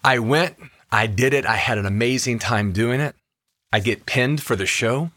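A man's voice: mid-range voice, moderate pace, no echo, studio quality. Upbeat man telling a story in conversation. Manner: enthusiastic, animated storyteller. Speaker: podcast co-host and actor. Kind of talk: casual chat with storytelling.

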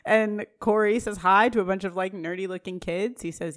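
A woman's voice: medium pitch, fairly even intonation, moderate pace, hardly any pauses. A young woman co-hosting a podcast, casually recapping an episode scene by scene and acting out the characters' lines. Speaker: podcast co-host.

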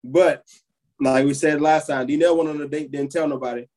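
A man's voice: on the high side, steady tone, moderate pace, a little mellow. Playful man on a casual podcast. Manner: playful, teasing. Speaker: podcast co-host. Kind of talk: casual chat.

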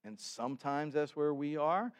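A man preaching a sermon in a conversational way, with sudden bursts of loud emphasis. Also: fairly high pitch, moderate pace, clean tone. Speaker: pastor. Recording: long hall reverb.

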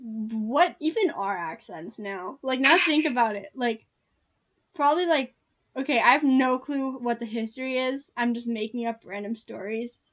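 High-voiced young woman, casual chatty co-host, giggly and rambling. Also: normal speed, a bit bright. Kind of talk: casual chat.

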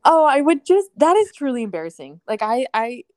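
A woman's voice: high-pitched, very animated, brisk, no echo, clean studio sound. A woman co-hosting a casual chat, bubbly and self-deprecating, laughing often as she tells stories. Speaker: podcast co-host. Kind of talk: casual chat, telling anecdotes.

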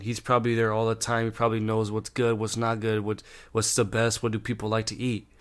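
A man's voice: on the low side, monotone, fairly quick, few pauses, clear, resonant tone. Young man ranting a profane storytime. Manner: profane, exasperated, rambling with restarts. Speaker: vlogger. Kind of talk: storytime rant.

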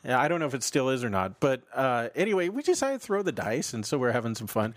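A man's voice: medium pitch, very animated, fast, dry recording, studio quality. A man co-hosting a podcast as a pastor, telling stories in casual chat with wry, self-mocking humor and frequent laughter.

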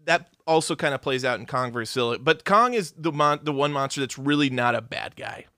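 A young man co-hosting a casual movie podcast, excitable and swearing freely into a close mic. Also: mid-range voice, fairly quick, no echo. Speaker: podcast co-host.

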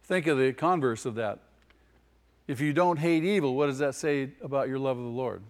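A man's voice: mid-range voice, moderate pace. A male pastor preaching a sermon with emphasis. He repeats key phrases and asks the congregation questions. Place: church hall. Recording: long hall reverb.

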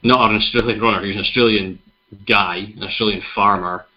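A Scottish man hosting a podcast, chatting casually and telling a story with a relaxed, rambling manner. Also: fairly low pitch, fairly quick. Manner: relaxed, chatty, many fillers. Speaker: podcast host. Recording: dull lo-fi recording.

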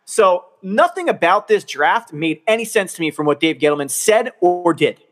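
Fired-up man ranting with lively pitch. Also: normal speed. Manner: exasperated, swears a lot. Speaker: podcast co-host. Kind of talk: heated casual sports rant.

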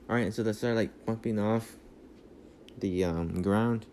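A man's voice: fairly low pitch, steady tone, unhurried, a little mellow, a little hiss or hum. A man rambling through a casual movie recap on a phone mic, full of fillers and restarts. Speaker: podcast host.

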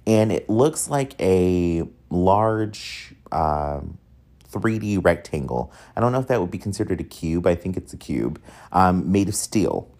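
A man's voice: low voice, expressive, measured pace, a little mellow. A young man hosting a casual solo podcast, chatty and rambling, with frequent asides and filler words. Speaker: podcast host.

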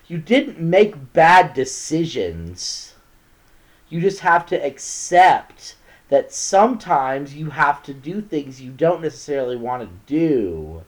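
A man co-hosting a podcast, chatting casually and acting out lines with animation. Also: a little high. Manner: animated, acts out characters' lines while laughing. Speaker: podcast co-host. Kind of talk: casual chat recapping a TV episode.

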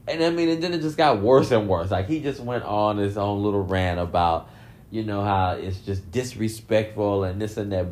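A man giving casual commentary, swearing freely and breaking into laughter often as he talks. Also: medium pitch. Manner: laughs often, profane, animated. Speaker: commentary vlogger.

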